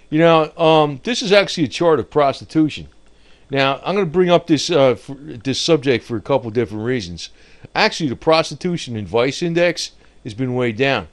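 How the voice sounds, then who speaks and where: A man giving rambling, off-the-cuff commentary on markets and the economy, often breaking into laughter at his own remarks. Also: a little high.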